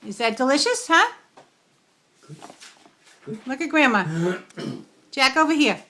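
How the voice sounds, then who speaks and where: An older woman talks baby talk to her grandchild, slow and patient, her voice sitting a touch high. She coaxes him with sing-song questions and little praises. A faint hiss of noise sits under her voice. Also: big pitch swings, pushed and bright.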